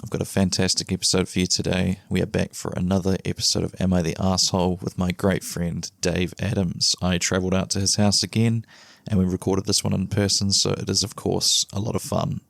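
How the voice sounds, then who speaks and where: Male podcast host, resting a tired voice: low, gravelly, flat, and kept deliberately quiet. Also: no room sound, clean studio sound. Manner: quiet, low-energy, saving his voice. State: resting a strained voice. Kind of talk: solo podcast intro.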